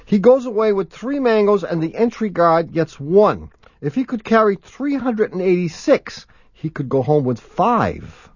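Giggly, high-voiced male radio co-host. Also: sing-song, measured pace, husky, dry recording. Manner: giggly, often breaks into laughter. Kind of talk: bantering radio chat, reading listener mail. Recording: dull lo-fi radio broadcast.

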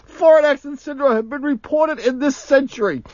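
A man's voice: very high voice, normal speed, darkish tone, dry recording. A man co-hosting a radio show, bantering and reading listener mail, often breaking into giggling laughter. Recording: dull lo-fi radio broadcast.

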